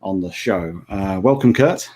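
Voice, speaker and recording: A man's voice: low-pitched, a little slow, darkish tone. A man hosting a podcast interview, speaking hesitantly with frequent fillers and restarts. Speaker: podcast host.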